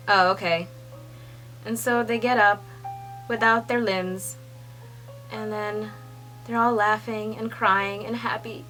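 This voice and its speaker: A young woman reading a manga chapter aloud and reacting with gushing excitement, swearing and laughing often. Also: on the high side. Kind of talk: excited read-along reaction.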